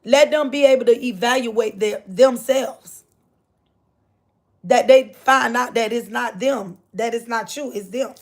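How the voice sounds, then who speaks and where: A woman's voice: fairly high pitch, unhurried. An older woman speaking gives an inspirational faith talk to her livestream viewers, repeating her phrases and greeting them by name. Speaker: livestream host.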